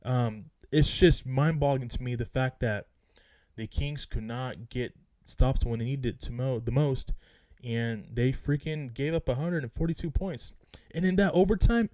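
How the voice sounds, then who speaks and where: A man's voice: medium pitch, dark tone, dry recording. A man venting as a sports fan vlogger, speaking emphatically and repeating himself in a casual, frustrated rant. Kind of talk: casual rant about a basketball game.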